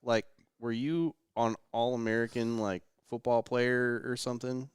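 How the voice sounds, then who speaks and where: A man with a very smooth, clear voice politely asks curious questions. The sound is dry and close, in a relaxed late-night chat at a rental house. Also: mid-range voice, unhurried, no echo. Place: rental house living room.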